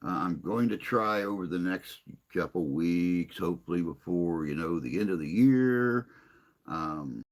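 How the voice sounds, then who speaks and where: A man's voice: deep voice, animated, a little slow. An older man hosting a casual livestream chat, reading viewer comments aloud in a rambling, self-deprecating way.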